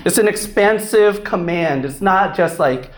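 A man preaching a sermon, telling a personal story in an animated way, full of fillers and frequent "right?" checks. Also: sits high, measured pace. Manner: animated, filler-heavy, laughs often, keeps asking "right?". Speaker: pastor. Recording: echoey room.

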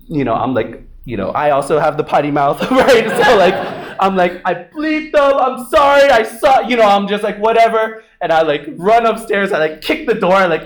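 A man preaching a sermon, telling a personal story in an animated way, full of fillers and frequent "right?" checks. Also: high-pitched. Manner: animated, filler-heavy, laughs often, keeps asking "right?". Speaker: pastor. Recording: echoey room.

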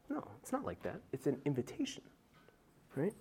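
Male pastor, sermon delivery, voice a bit on the high side, conversational asides, sudden loud emphatic bursts. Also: wildly swooping pitch, normal speed, slightly rough. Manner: emphatic, conversational preaching with frequent "right?" asides.

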